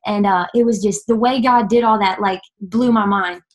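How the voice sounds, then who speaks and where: Speaking in a mid-range, mostly level voice, the young woman from Nashville, Tennessee offers a sincere testimony that keeps breaking off and starting over, thick with fillers.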